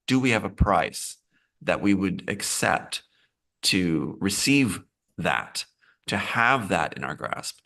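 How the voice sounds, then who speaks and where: Deep-voiced, bright-toned man rambling. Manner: meandering, restarts and repeats phrases. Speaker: interview guest, screenwriter. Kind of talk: live interview, casual talk.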